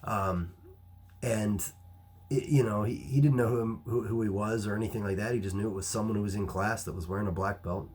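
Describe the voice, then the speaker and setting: A man who runs a martial arts gym, telling a story to camera in a casual, animated way, full of restarts and fillers. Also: lowish voice, brisk, husky. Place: Ohio.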